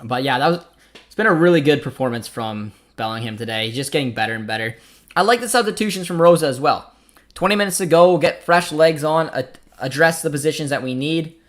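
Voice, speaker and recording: A man's voice: fairly high pitch, expressive, fast, fairly bright tone. Young Canadian man hosting a football watchalong. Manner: chatty, reads out chat messages, reacts to the match. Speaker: watchalong host. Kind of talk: casual live football watchalong chat.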